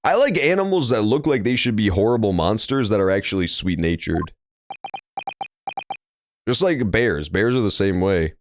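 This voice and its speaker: A man's voice: on the low side, expressive, normal speed. Crude jokey male streamer. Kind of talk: casual let's-play commentary. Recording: dry room with faint game music.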